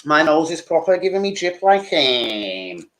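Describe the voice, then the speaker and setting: A man's voice: fairly high pitch, big pitch swings, a little slow, a bit bright, a little hiss or hum. A man chatting casually on a football fan vlog, rambling and full of slang and swearing. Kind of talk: casual livestream chat.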